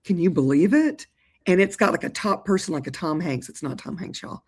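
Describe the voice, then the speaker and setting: Older lady guest, chatty and animated, kinda low voice, says y'all a lot. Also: brisk, slightly rough. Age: 60s. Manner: animated, colloquial, addresses listeners as y'all. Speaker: guest, actor and therapist. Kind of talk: lively interview conversation.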